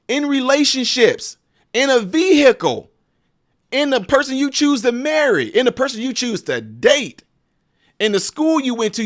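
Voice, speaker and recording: A high-pitched man hosts a live-stream political commentary. He talks in an emphatic, preachy way and aims it straight at his viewers.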